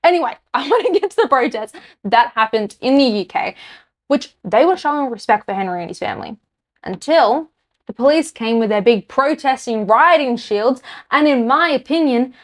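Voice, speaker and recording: A woman's voice: sits high, lively intonation, normal speed. An Australian woman, a podcast host, delivering an angry, blunt political rant to camera. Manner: heated, exasperated, speaks her mind bluntly.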